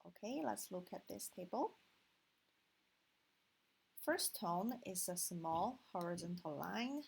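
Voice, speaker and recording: A woman's voice: on the low side, animated, slow, vocal fry, a little mellow, husky, low-quality recording. A woman with a Chinese accent teaching a language lesson online, patient and explaining step by step with frequent "okay". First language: Mandarin Chinese.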